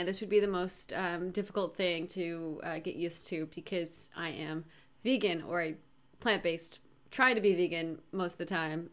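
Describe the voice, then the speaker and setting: A woman's voice: fairly low pitch, a bit bright. A woman hosting a reaction video, chatting candidly about what she watches. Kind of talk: casual reaction chat.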